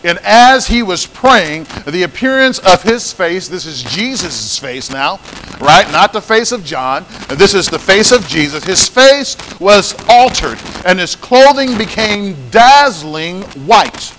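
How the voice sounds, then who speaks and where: A man's voice: high voice, animated, takes it slowly, a bit bright, big-room sound, a little hiss or hum, rough recording. A man preaching a sermon as pastor, emphatic, repeating phrases and calling out to the congregation.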